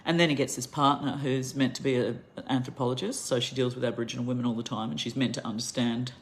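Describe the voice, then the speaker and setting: A woman's voice: very deep voice, fairly even intonation, fast talker, slight background noise. A middle-aged Australian woman giving an angry, impassioned monologue straight to camera, ranting with heavy emphasis. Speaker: vlogger.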